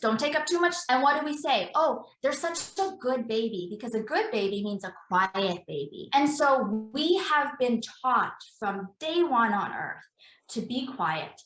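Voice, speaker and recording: A woman's voice: fairly high pitch, a bit bright, roomy sound, poor audio. A woman, an embodiment practitioner, explaining in an earnest, conversational interview, repeating phrases for emphasis.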